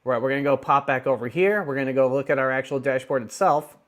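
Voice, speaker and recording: A man casually walking viewers through a software tutorial on screen, chatty and upbeat with playful asides, speaking into a close desk microphone. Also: mid-range voice, fast. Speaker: tech tutorial host.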